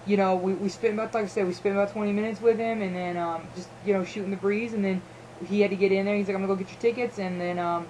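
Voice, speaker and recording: A young woman co-hosting a podcast, telling an excited story in casual chat with lots of fillers. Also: medium pitch, quick pace, slight background noise, poor audio. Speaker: podcast co-host.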